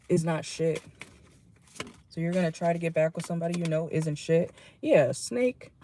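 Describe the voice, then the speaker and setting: A casual tarot reader talks from a parked car in a warm, mellow voice. The delivery is blunt and salty and breaks easily into laughter. A faint hum of noise sits under the voice. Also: medium pitch. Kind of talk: casual channeled tarot reading.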